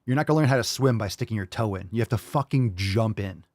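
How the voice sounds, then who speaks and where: A man's voice: on the low side, quick pace, a little mellow, no echo, studio quality. A man hosting a live podcast who rants bluntly and profanely and mocks his listeners' excuses in put-on voices. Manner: mocking impressions of listeners. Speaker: podcast host.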